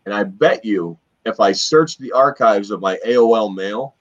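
A man and former wrestler, co-hosting a podcast, telling long stories in a rambling, animated way with lots of fillers. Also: on the low side, normal speed. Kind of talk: casual storytelling chat. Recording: dull lo-fi podcast audio.

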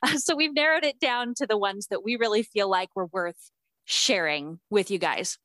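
A woman's voice: mid-range voice, normal speed, a bit bright, no room sound. A woman co-hosting a casual podcast, talking chattily with lots of ums and likes. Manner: chatty, uses fillers like um and like. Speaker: podcast co-host. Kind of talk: casual chat.

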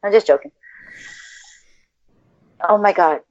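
A woman's voice: mid-range voice, takes it slowly, a little mellow, no echo. A woman hosting a casual podcast chat, gushing and effusive, cooing to pets on a video call. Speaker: podcast host. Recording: dull lo-fi dry sound.

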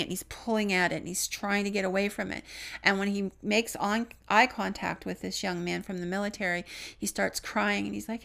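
Gravelly-voiced woman telling a ghost story. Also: mid-range voice. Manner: earnest retelling, trailing off softly on grim details. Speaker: podcast co-host. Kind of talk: storytelling on a paranormal podcast.

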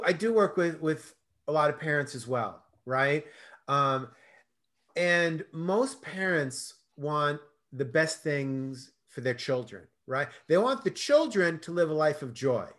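A middle-aged man, a guest in an interview, telling stories expressively and acting out the dialogue. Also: fairly high pitch. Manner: expressive storyteller, acts out dialogue. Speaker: guest, self-love coach. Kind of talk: animated conversational interview.

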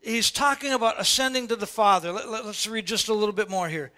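An older man preaches a sermon from the pulpit, his voice pitched high and ringing bright. He drives his points home with repeated, rising questions to the congregation. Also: quick pace. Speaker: pastor. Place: church sanctuary before a congregation.

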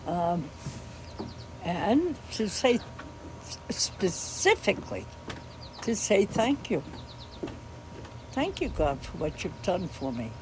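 A woman's voice: fairly low pitch, big pitch swings, takes it slowly, pauses often, noisy background. A woman in her nineties with a New York accent, a guest on a podcast, chatting in a teasing way. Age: 90s. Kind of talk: casual chat.

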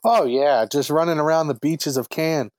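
A man's voice: on the high side, moderate pace, a little mellow, no room sound. Easygoing podcast co-host man, dry sound. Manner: easygoing, hesitant, laughs along. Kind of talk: casual film review chat.

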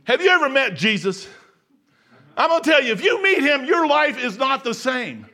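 An older man preaching a folksy sermon, laughing often and swinging from shouts to hushed asides. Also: extremely high pitch, very animated, normal speed. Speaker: pastor. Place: church sanctuary.

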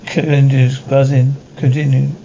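A man with a gravelly, mellow voice reads out short, matter-of-fact sound cues as an audio describer. The track sounds dull and lo-fi, with a faint hiss. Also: mid-range voice, level tone, normal speed. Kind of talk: brief spoken sound cues over a sitcom.

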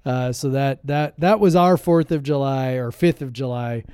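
A man's voice: medium pitch, normal speed, darkish tone, clean tone, dry recording, clean studio sound. A man co-hosting a podcast in casual chat, telling a rambling story full of fillers and restarts. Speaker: podcast co-host. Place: podcast room, shared with co-host.

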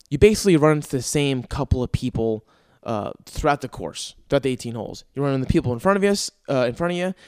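A young podcast host delivers a casual comedic monologue, telling stories in an exasperated, profane rant punctuated by sighs and laughter. His medium-pitched voice is a little mellow, captured in studio quality with no echo.

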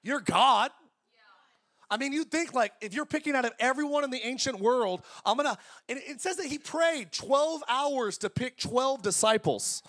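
High-voiced energetic preacher man in his forties. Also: moderate pace. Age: 40s. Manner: energetic, conversational preaching with jokes. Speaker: pastor. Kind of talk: sermon.

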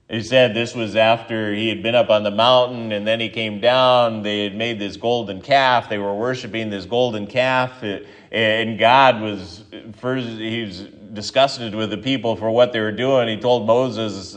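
A male pastor giving a sermon, reading scripture, then telling a story in a relaxed, conversational way with frequent restarts. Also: medium pitch, measured pace.

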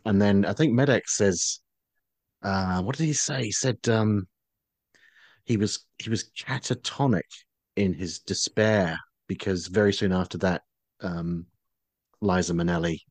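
Man w a husky low voice recounting a story, dry mic. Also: unhurried, dry recording. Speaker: podcast co-host. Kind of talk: casual chat, retelling a story.

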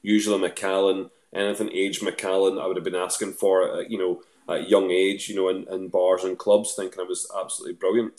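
A Scottish man talks in a loose, rambling, self-mocking way, full of restarts. His voice sits low. The room around him rings with echo. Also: level tone, quick pace, few pauses, darkish tone. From Scotland. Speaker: guest. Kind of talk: casual chat.

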